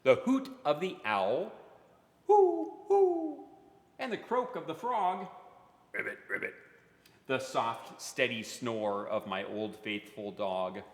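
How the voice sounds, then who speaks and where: A man's voice: mid-range voice, expressive, a little slow, hardly any pauses. A man who writes and performs for children, reading poems aloud in a playful, interactive way and making animal sound effects. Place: children's museum event space. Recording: roomy with long hall reverb.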